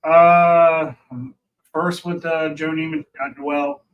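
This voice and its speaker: A man's voice: on the high side, little pitch movement, takes it slowly, phone-quality sound. Male guest, casual rambling storyteller, recorded from a distance. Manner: rambling, with many restarts and fillers. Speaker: pit crew member, guest. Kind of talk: casual storytelling on a racing talk show.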